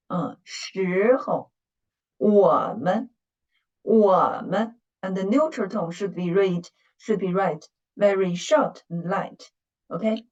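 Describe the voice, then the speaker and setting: Woman, language teacher on a video call; slow, patient, encouraging; muffled lo-fi audio. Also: mid-range voice. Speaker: Mandarin teacher. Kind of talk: online language lesson.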